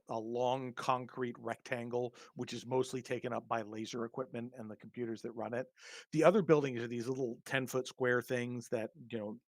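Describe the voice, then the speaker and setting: A man running a tabletop game, narrating scenes in a relaxed way with plenty of ums. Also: medium pitch, dry recording. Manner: relaxed, many ums and fillers. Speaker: game master.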